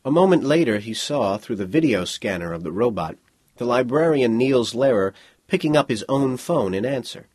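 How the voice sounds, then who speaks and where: A man reading a science fiction story aloud as a narrator, in a measured, even delivery. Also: medium pitch, slightly rough, no echo. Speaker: audiobook narrator.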